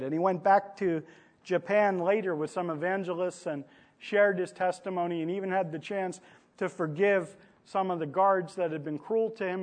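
A man preaching a sermon in a conversational storytelling manner, sometimes acting out the people in his stories. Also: high voice. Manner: conversational storytelling preacher, acts out quoted lines.

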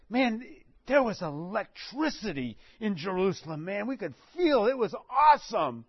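A man's voice: sits high, very animated, moderate pace, hardly any pauses, slightly rough, dry recording. A man preaching a sermon, telling the story with animation and acting out what people said. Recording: dull dry recording.

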